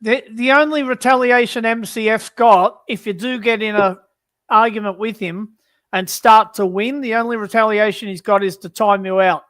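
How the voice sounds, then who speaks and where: A man's voice: sits high, steady tone, moderate pace, a bit bright, no room sound. A man on a livestream panel telling blunt, profane stories in casual chat. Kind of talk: crude casual stream chat.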